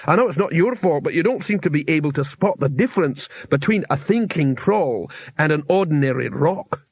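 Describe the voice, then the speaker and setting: A man's voice: a little high, lively intonation, fairly quick, breathy edge, dry recording, voice pushed up. A man voicing a friendly, chatty male troll who muses cheerfully and matter-of-factly. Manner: cheerful, matter-of-fact, musing. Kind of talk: audiobook character reading.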